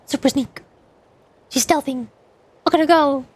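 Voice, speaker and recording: A woman with a notably high voice talks casually to her viewers during a game stream. Her delivery is playful and chatty, drifting between commentary and banter with her audience. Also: unhurried. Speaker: VTuber streamer. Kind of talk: casual gaming stream chat.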